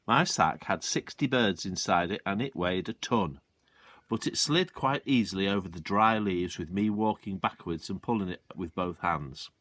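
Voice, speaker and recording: A man's voice: low voice, normal speed, a bit bright, no echo. A male teacher reading a children's novel aloud expressively, shifting between character voices. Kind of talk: storybook read-aloud.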